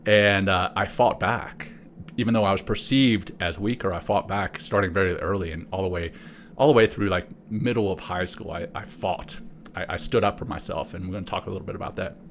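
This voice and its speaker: A man's voice: low-pitched, fairly even intonation, a little fast, a little hiss or hum. A middle-aged man from South Africa, co-hosting a podcast and telling a personal story in a conversational way. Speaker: podcast co-host. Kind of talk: casual podcast chat.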